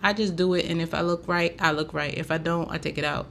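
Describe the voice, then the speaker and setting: Talking fast, a Haitian woman hosting a laid-back chat show keeps things loose and full of fillers. Her lowish voice holds a steady tone, carries some vocal fry and sounds a bit bright. She is a podcast host and braider, and there is slight noise behind her.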